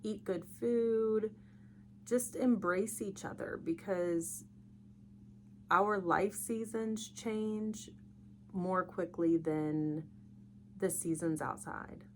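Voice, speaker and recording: A woman's voice: mid-range voice, extremely slow, long pauses, slight background noise. A young woman hosting a casual solo podcast, tired and yawning, chatty and reflective. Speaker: podcast host.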